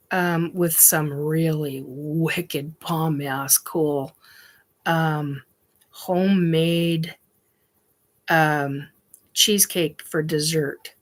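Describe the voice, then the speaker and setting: A middle-aged woman hosting a casual live chat, rambling with many ums and laughs as she reads viewer comments. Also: fairly low pitch. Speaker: livestream host.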